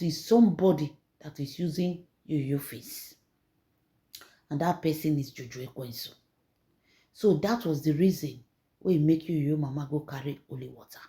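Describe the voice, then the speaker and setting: A woman's voice: low voice, mellow. A woman with a Nigerian Pidgin accent retelling celebrity gossip dramatically, repeating words and acting out quotes. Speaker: gossip storyteller.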